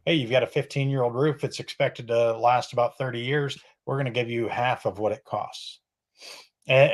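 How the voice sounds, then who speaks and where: Man patiently explaining roof insurance. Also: medium pitch. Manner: explanatory, lots of "you know" and "um". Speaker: guest.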